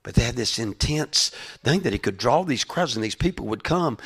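A man preaching in a loose, conversational way, stumbling over restarts and fillers. His voice sits in a middle pitch and climbs louder and more urgent as he presses a point. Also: animated, normal speed, slightly rough. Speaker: pastor. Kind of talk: sermon.

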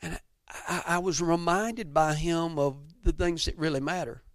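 A middle-aged man from Georgia with a Southern accent, preaching in an emphatic, folksy storytelling style that drops at times to soft near-whispers. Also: fairly high pitch, steady tone, normal speed, no echo, clean studio sound. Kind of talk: sermon storytelling.

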